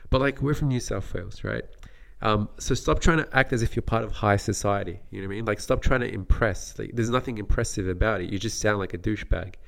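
A man's voice: lowish voice, fast talker, creaky, hardly any pauses, a bit bright. A young Australian man from Western Sydney, co-hosting a casual podcast chat, blunt and opinionated. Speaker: podcast co-host.

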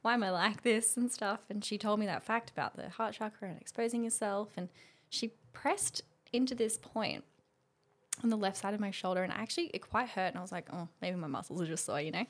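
A woman's voice: mid-range voice, a little fast. Chatty young woman telling a story. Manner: animated storytelling, acts out quotes, laughs often. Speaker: guest. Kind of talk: casual chat.

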